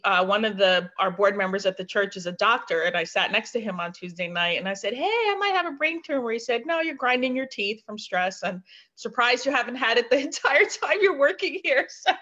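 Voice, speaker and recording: Woman, highish bright voice, bubbly and giggly, muffled video-call sound. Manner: bubbly, laughing, exuberant. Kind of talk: casual video call chat.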